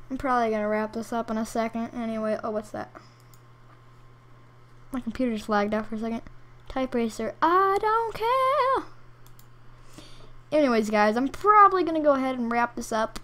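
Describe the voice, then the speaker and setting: A gaming YouTuber gives playful, jokey commentary while browsing, mumbling asides as she clicks around websites. Her voice is a little high and steady, a little fast, with long pauses.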